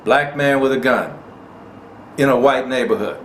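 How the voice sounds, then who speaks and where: A man's voice: mid-range voice, moderate pace, fairly bright tone. A man hosting a gun rights channel, giving indignant commentary and repeating lines for emphasis. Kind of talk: impassioned commentary. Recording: echoey room with faint noise.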